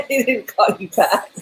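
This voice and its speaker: A woman co-hosting a casual chat, teasing her partner and laughing often. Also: fairly high pitch. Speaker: co-host.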